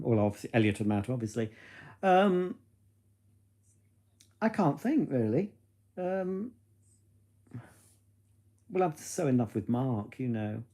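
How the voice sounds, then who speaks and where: A man's voice: fairly high pitch, warm tone. A man hosting his own late-night live stream, chatting and teasing in a casual, gossipy way. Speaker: livestream host.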